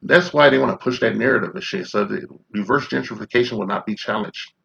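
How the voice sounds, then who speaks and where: Gravelly, confrontational man in his fifties. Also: lowish voice, fast, fairly bright tone, muffled recording. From Chicago. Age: 50s. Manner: confrontational, profane, rhetorical questions. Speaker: commentary vlogger. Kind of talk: ranting commentary.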